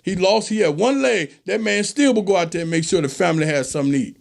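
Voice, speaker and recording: A man's voice: sits high, fast, vocal fry. A man hosting a casual monologue show, talking in an emphatic, preachy way and acting out the voices of people he quotes. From American South. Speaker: show host.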